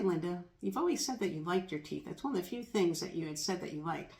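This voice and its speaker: Gravelly-voiced woman telling her story. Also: fairly low pitch, expressive, fast talker, a little mellow. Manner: earnest, reflective, speaks lines to herself aloud. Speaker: co-founder sharing a personal story. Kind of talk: personal storytelling monologue. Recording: echoey room.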